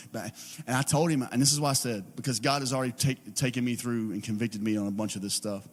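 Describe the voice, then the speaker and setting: A man's voice: medium pitch, steady tone, fast. A man in his thirties with a Southern US accent, preaching a casual, conversational sermon full of "like" and "man.". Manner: conversational, with many filler likes and mans. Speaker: pastor. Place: church auditorium. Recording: live church broadcast with music behind. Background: music.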